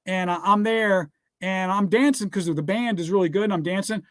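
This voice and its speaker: A man's voice: sits high, moderate pace, fairly bright tone, no room sound, studio quality. A man giving a motivational business talk laced with scripture, speaking emphatically like a preacher, throwing out rhetorical questions and urging listeners to write things down. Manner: repeats rhetorical "guess what?" and "all right?".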